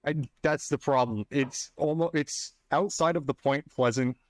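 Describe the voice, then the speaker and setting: A man's voice: fairly high pitch, unhurried, no echo. A man co-hosting a casual podcast chat, laying out researched stories in a matter-of-fact way. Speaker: podcast co-host.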